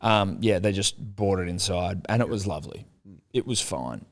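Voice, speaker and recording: A man's voice: sits low, normal speed. A young man on a casual podcast chat, swearing freely and acting out quotes as he tells a story. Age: young adult. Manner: swears a lot, animated storytelling with voiced quotes. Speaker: podcast co-host.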